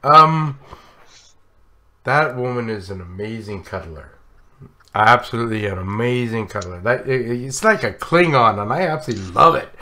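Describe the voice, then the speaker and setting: A man's voice: mid-range voice, animated, normal speed, bright, forceful tone. A man hosting a live stream, drunk and slurring, effusive and giggly as he rambles through casual chat. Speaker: live stream show host.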